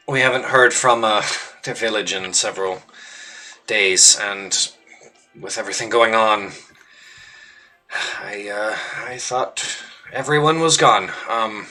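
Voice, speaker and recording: A man's voice: on the low side, sharp tone, distant mic, faint music behind. A man voicing a kindly shopkeeper uncle who is tearful and keeps stammering over his words. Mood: emotional. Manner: halting, stammering with many ums.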